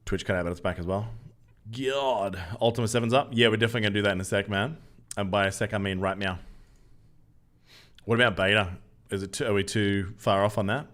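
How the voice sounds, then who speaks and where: A man's voice: fairly low pitch, fairly even intonation, brisk, a bit bright. Australian man chatting on stream. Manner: jokey, loose banter, reads out chat and answers. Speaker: game streamer. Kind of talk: casual live-stream chat with viewers.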